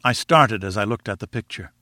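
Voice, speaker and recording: A man narrating a novel in a measured, even reading voice. His tone is bright and forceful, and the recording is close and dry. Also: lowish voice, no echo. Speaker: audiobook narrator. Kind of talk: scripted narration.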